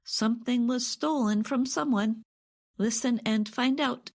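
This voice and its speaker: A woman co-hosting an English lesson, explaining words in a clear, measured way. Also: on the high side.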